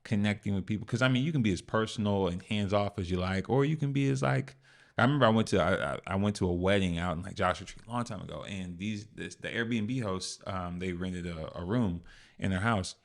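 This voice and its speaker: A man hosting a business podcast, talking in a relaxed, rambling way with lots of fillers. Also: deep voice, brisk, creaky. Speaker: host. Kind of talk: casual podcast chat.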